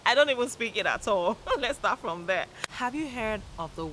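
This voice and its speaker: A woman giving a motivational talk in a chatty, upbeat way, laughing often and bursting into loud, high greetings. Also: expressive, moderate pace, background noise. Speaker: motivational YouTuber.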